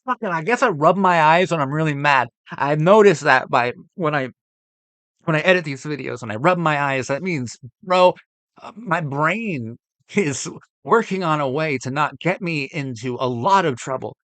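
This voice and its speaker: A man's voice: a little high, expressive, moderate pace, dry recording. Profane, exasperated young man ranting. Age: young adult. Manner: profane, exasperated, swings from loud outbursts to mutters. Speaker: film reaction vlogger. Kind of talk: ranting reaction to a movie list.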